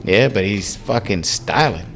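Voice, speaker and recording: A man's voice: on the low side, animated, measured pace, gravelly, a bit bright, slight background noise. A young man co-hosting a podcast, chatting casually, teasing, blunt and swearing. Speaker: podcast co-host. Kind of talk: casual chat.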